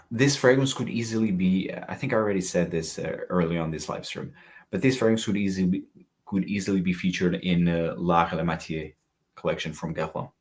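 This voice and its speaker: Very low-voiced man reviewing fragrances. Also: brisk. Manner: chatty, reads live chat comments aloud. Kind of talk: casual livestream review.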